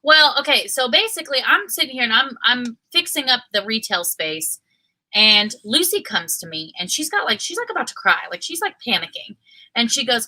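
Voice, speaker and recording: Bright, animated woman telling a story. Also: on the high side, fast, poor audio. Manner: animated storytelling with excited outbursts. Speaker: co-host of a reselling livestream. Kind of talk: casual livestream chat.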